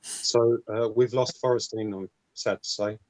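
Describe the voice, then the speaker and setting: Low-voiced man hosting a relaxed call. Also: measured pace, no echo, poor audio. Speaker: host of a modular synth stream. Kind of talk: casual technical chat. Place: remote online call.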